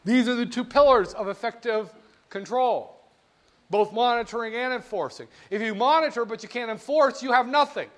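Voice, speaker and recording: A male lecturer giving a classroom lecture in a lively, jokey way, speaking straight to his students. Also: extremely high pitch, moderate pace.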